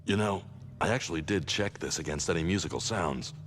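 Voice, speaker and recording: A man's voice: fairly quick, a bit bright. Batman, stern caped vigilante. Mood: grim. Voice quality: very deep, low and gravelly. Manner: clipped, stern delivery. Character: brooding male masked vigilante, grim and terse. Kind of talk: animated series dialogue. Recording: noisy clip played from a show.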